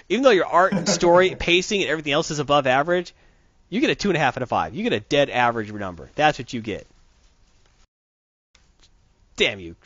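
A man's voice: fairly high pitch, fairly bright tone, no room sound. A man reviewing a comic book in a casual podcast chat, rambling and opinionated. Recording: dull dry lo-fi recording.

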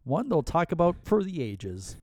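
A man's voice: a little high, big pitch swings, normal speed, warm tone, no echo. A man co-hosting a podcast in casual chat, making dry, understated quips. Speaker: podcast co-host.

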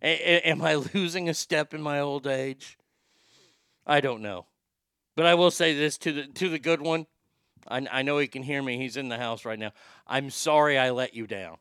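A middle-aged man hosting a show delivers a casual, profane storytelling rant, repeatedly stammering and starting over. He speaks at normal speed in a medium-pitched, slightly bright, smooth voice, captured with studio quality and no echo.

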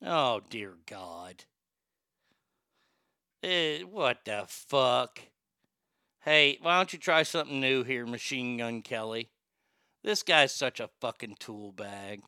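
Brief: brash male host, bright, smooth voice, dry close mic, crude rants. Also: medium pitch, slow, long pauses, no room sound. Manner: loud, profane, excitable, laughs at own jokes. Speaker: show host. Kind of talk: crude comedic talk show rant.

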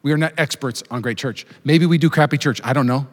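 A man in his thirties preaching a sermon to his church, talking fast with jokes and self-deprecating asides. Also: mid-range voice. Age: 30s. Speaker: pastor. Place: church auditorium with live congregation. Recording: long hall reverb.

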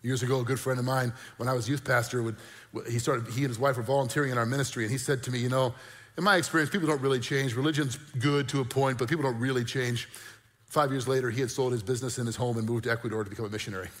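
A male pastor delivering an animated sermon, with bursts of mock disbelief and a conversational, joking aside. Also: medium pitch, very fast, long reverb tail. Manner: animated preaching with mock-incredulous outbursts.

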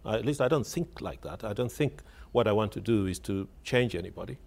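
Man, low gravelly voice, halting reflective talk, wry storytelling. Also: expressive, darkish tone. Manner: hesitant, repeats words while searching for phrasing; wry, laughs while telling a story. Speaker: author interviewed on radio. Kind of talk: reflective spoken reminiscence.

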